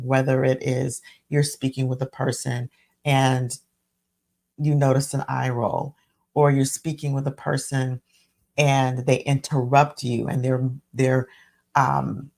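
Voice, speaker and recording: A woman's voice: extremely low pitch, creaky, a little mellow. A woman hosting a live solo talk on communication, speaking reflectively and often correcting herself as she goes. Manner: reflective, self-correcting, many restarts. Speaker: coach and podcast host.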